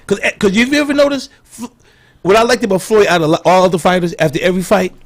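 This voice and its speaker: A middle-aged man with a high voice tells stories at a quick clip. He acts out the people he quotes with plenty of energy. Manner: animated storyteller, acts out quotes. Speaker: comedian guest. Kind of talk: storytelling banter.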